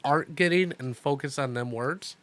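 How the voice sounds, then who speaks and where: A man's voice: medium pitch, moderate pace, a bit bright. A man hosting a casual radio talk show, asking questions in an easygoing way with repeated fillers. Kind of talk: casual interview chat.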